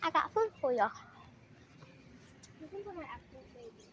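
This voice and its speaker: A woman, filming a casual vlog outdoors on her phone and chatting excitedly while coaxing stray cats. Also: sits high, normal speed. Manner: excited, chatty, coaxing animals in a sing-song voice. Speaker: vlogger. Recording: noisy outdoor phone recording.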